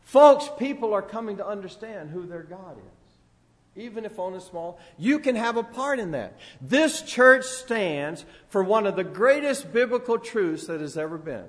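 An older man preaching a sermon in a church, swinging between loud proclamation and quiet asides. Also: sits high, lively intonation, normal speed. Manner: sings a few lines of a song. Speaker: pastor. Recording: long hall reverb.

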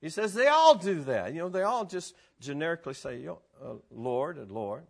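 A man teaching a live group about scripture in an animated, excitable way, laughing often and exclaiming. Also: fairly high pitch, fairly quick, vocal fry. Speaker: Bible teacher.

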